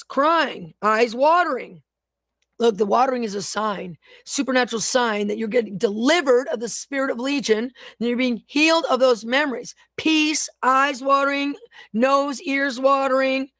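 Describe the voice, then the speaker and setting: A woman's voice: high voice, no echo, clean studio sound. A woman minister leading a live-streamed prayer and Bible teaching, declaring prayers with fervent command and reading viewer comments aloud. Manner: reads viewer comments aloud between remarks.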